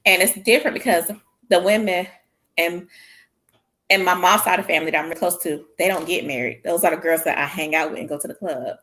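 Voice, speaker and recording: Animated woman telling a story. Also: fast. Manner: animated, laughs often, acts out her own quotes in a high voice. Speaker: guest telling her proposal story. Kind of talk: casual storytelling chat. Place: small church show studio.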